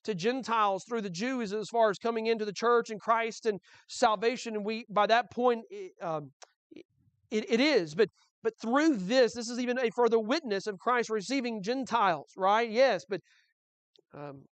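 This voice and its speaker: A man's voice: sits high, normal speed, smooth, no echo. Male pastor preaching in a dry room. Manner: conversational preaching with many restarts and rhetorical questions. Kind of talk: sermon.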